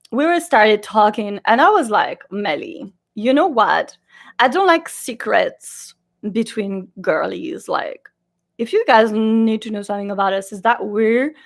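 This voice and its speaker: Young female vlogger, casual and chatty, lively storyteller, slightly high pitch. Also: gravelly. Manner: chatty, animated storytelling with quoted voices. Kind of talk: casual chat.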